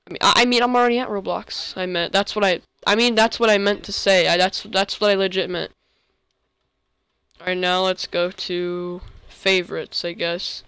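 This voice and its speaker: A young male gamer giving rambling, excitable commentary while playing, often breaking into sudden outbursts. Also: high voice, normal speed, smooth, dry recording. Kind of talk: game commentary. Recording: faint music behind.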